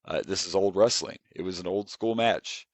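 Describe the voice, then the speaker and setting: A man co-hosting a podcast that reviews wrestling, talking in a relaxed, rambling way with frequent chuckles. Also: low-pitched, normal speed, no echo. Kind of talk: casual chat.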